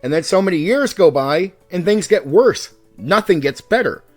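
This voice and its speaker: A man with a fairly high voice rants hard at the camera, swearing freely as a longtime game master. He swings between raised and calm speech to drive his points home. Soft music plays faintly underneath. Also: moderate pace. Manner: heated and profane, pushing his points hard. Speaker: YouTube host and game master. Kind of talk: ranting commentary to the camera.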